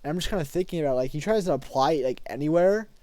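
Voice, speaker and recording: A man's voice: fairly high pitch, animated, very fast, darkish tone, no echo. Rambling, swearing young man telling a story. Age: late teens. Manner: rambling, profane, lots of fillers and restarts. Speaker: high school student. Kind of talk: casual storytime.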